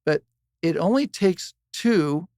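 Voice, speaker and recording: A man, a guest on a podcast interview, telling lively stories, acting out quoted lines and often chiming in to agree. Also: on the high side, slow pace, no echo, studio quality. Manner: animated storyteller, acts out quoted dialogue, agrees often. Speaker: guest real estate agent.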